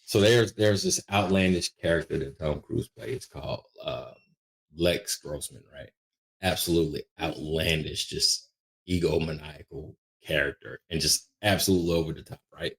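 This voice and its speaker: A man with a very deep, low-pitched voice tells stories as a guest on an interview podcast. His delivery is animated and lively, with frequent restarts in his sentences. He sounds middle-aged, and he talks casually like a veteran producer. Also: moderate pace, vocal fry.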